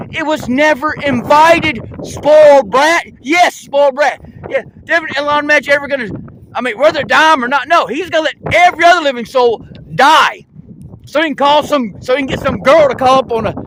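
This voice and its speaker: A man's voice: extremely high pitch, brisk, sharp tone, slight background noise, poor audio. A man in a rambling, accusatory monologue, firing rhetorical questions at another creator and restarting his sentences often.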